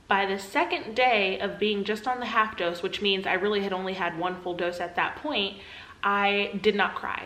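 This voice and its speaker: A young woman speaks earnestly and confessionally to camera, telling a personal story at an ordinary pitch. When she quotes her past self, her voice lifts higher and pleading. The room around her sounds echoey. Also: bright, forceful tone. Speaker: vlogger.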